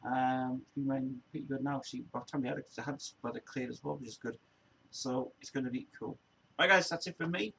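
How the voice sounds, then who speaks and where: A man's voice: mid-range voice, quick pace, gravelly, a bit bright, a little hiss or hum, poor audio. A man hosting a casual live-stream chat, rambling and laughing at his own impressions.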